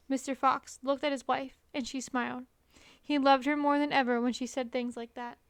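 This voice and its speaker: A woman reading a children's storybook aloud in an expressive, lively manner. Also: sits high, normal speed, clear, resonant tone, dry recording. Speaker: storybook reader.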